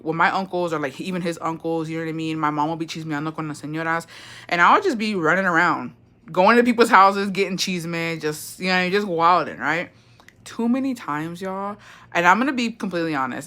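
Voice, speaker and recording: Bright-voiced, foul-mouthed woman livestreamer. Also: deep voice. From Mexico. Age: 20s. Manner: chatty, profane, gossipy, reads chat aloud. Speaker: livestream host. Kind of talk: casual storytime livestream.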